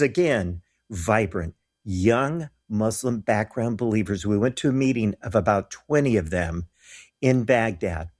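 A man's voice: on the low side, darkish tone, slightly rough. A man talking as a guest, earnestly telling personal stories and acting out the voices of the people he quotes. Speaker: guest telling of mission trips. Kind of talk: animated personal storytelling.

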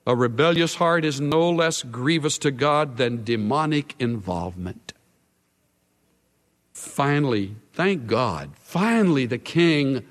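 A male pastor preaching a sermon in an earnest way, his voice swelling and then dropping to a hush. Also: medium pitch, expressive, takes it slowly. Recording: long hall reverb.

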